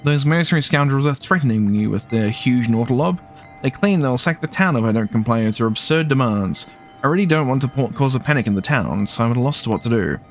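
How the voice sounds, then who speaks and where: A man's voice: medium pitch, expressive, fast talker, faint music behind, natural voice. A man putting on a flustered, anxious village mayor woman.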